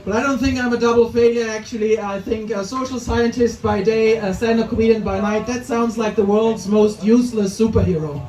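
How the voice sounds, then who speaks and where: Speaking a little fast with few pauses, this Austrian comic in his forties has a high voice with a darkish tone. He's doing a self-mocking open mic set at a comedy club and laughing at his own jokes, recorded from a distance in an echoey room.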